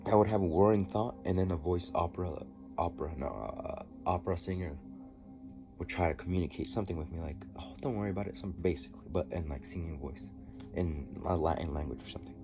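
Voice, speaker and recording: A man telling a personal story in a diary vlog, halting and rambling with many restarts. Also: low-pitched. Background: music.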